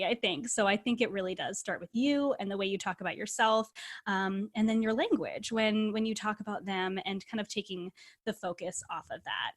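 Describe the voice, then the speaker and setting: A woman hosting a podcast, speaking earnestly and thoughtfully with many small fillers as she talks. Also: mid-range voice. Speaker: podcast host and health coach. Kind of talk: casual conversational interview.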